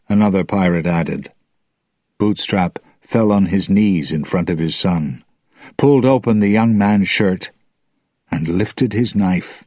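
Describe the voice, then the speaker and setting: A man narrating a story in a slow, clear, measured way for English learners. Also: fairly low pitch, darkish tone, dry recording, studio quality.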